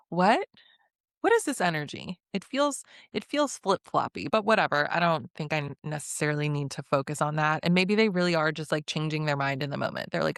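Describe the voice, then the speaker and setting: A woman's voice: sits low, brisk, clear, resonant tone, dry recording, clean studio sound. A woman giving a chatty, sassy recap of a reality show, laughing often and acting out what people said. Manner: sassy commentary. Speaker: recap host.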